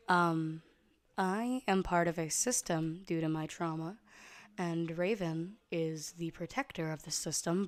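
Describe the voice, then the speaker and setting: A young adult woman streaming from her computer, chatting casually, swearing freely and jumping between loud outbursts and low mumbles. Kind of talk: casual rambling stream chat. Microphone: desk mic at a computer.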